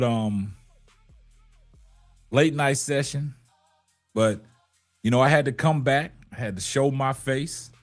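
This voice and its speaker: A man's voice: mid-range voice, bright, forceful tone. A man in his forties hosting a casual late-night live show, laid-back and chatty, tagging "man" onto his lines.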